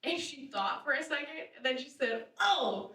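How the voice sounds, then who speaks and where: Young female stand-up comic, high and bright voice, animated delivery. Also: normal speed. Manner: animated, laughs at own jokes, loud punchlines. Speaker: stand-up comedian. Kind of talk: stand-up comedy set. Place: live theater stage. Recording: roomy theater sound, distant mic.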